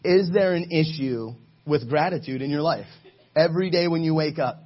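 A man's voice: fairly high pitch, normal speed, slightly rough, muffled recording. A man giving a casual, joking sermon to a live group, telling stories in a chatty way.

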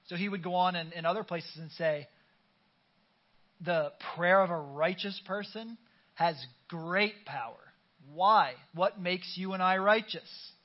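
High-voiced man preaching a sermon. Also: dull audio. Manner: conversational, urges the congregation to respond. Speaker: pastor. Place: church sanctuary.

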